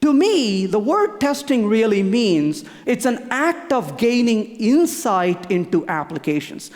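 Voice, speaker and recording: Conference speaker, lively swooping intonation, emphatic, repeats key points, stage mic, long reverb of a big hall. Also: medium pitch, unhurried. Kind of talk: technical conference talk.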